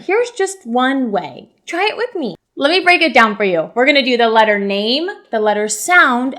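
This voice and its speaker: A young woman, a kindergarten teacher, talks to young children in an animated, upbeat way during a lesson. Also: high voice. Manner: animated and upbeat, talking to kids.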